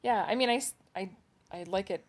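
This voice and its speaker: A woman's voice: medium pitch, fairly quick. A woman co-hosting a podcast from home, chatting casually and laughing at herself. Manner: chatty, self-deprecating, laughs often. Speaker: podcast co-host. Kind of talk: casual chat. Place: home at night, kids asleep nearby.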